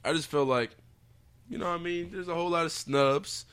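A man co-hosting a casual drinking podcast, talking in loose, profane, animated banter. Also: a little high, brisk, clear, resonant tone. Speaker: podcast co-host. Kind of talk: casual chat.

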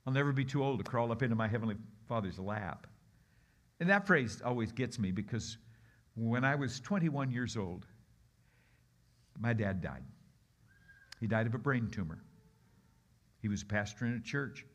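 A man's voice: medium pitch, normal speed, long pauses. A middle-aged man preaching as a guest pastor, telling stories with animation and leading the crowd in repeating a phrase. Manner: animated, acts out voices, leads the crowd in repeating lines. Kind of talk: storytelling sermon.

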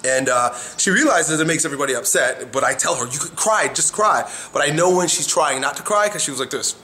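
A man's voice: on the high side, animated, fairly quick, bright, forceful tone. A man giving frank, profane coaching talk about the body, blunt and demonstrative.

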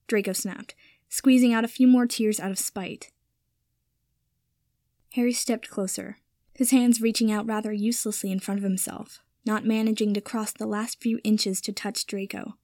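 A woman narrating a story in a steady, even reading voice. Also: mid-range voice, moderate pace, creaky, no room sound, studio quality. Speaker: reader. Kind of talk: audiobook-style story narration.

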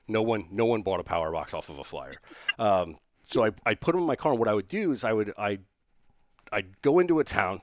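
A man, a business owner telling a lively story in an interview, restarting sentences and acting out the people he quotes. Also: fairly low pitch, no room sound.

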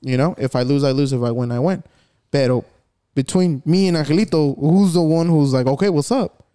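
Young Texan guy, fairly high voice, animated storyteller, swears freely, drops Spanish fillers. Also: brisk, clear, resonant tone. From Texas. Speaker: friend telling a story. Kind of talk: casual chat among friends.

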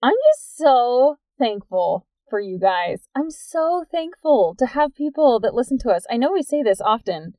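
A woman's voice: on the high side, lively intonation, a little slow, few pauses, dark tone, no room sound. A woman co-hosting a podcast in casual chat, bubbly and laughing often. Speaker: podcast co-host.

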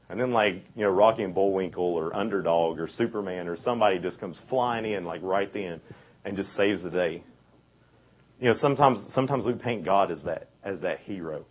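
A man's voice: sits low, a little fast, husky. A young man giving a youth sermon in a casual, conversational way, full of fillers and restarts. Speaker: youth speaker. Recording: dull lo-fi recording.

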